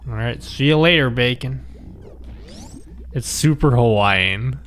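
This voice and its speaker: A man's voice: medium pitch, takes it slowly, fairly bright tone, a little hiss or hum. A man streaming live, chatting casually, reading chat aloud and joking with viewers.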